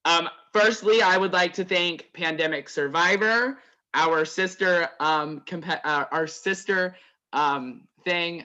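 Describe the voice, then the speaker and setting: A man's voice: a little high, slow pace, pushed and bright, highs cut off. A man hosting an online competition game over group voice chat, loose and chatty, with laughs between announcements.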